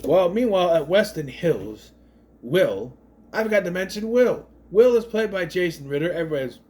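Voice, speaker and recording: A man talks through a movie in a loose, rambling recap, drifting into side stories and slipping into quick impressions of the characters. His voice sits a little high and swings widely up and down. It sounds like an off-the-cuff chat. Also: animated, darkish tone. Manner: rambling, goes off on tangents; mimics characters' voices mid-story. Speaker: movie reviewer.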